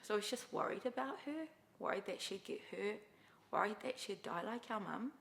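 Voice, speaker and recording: Brief: young New Zealand woman, documentary interviewee, candid storyteller, gravelly fry. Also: mid-range voice, animated, fairly quick, a bit bright.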